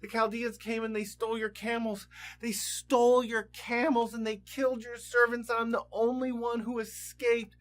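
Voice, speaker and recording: A man's voice: very high voice, level tone, normal speed, voice pushed up. A man voices an urgent male servant who repeats his bad news in a raised voice.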